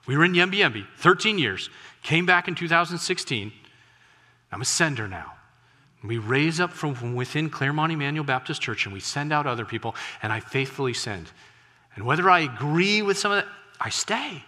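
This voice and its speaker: Animated preacher man in a reverberant hall. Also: medium pitch. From United States. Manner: animated, breaks into loud exclamations. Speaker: missionary preacher. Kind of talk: sermon with storytelling. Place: church sanctuary.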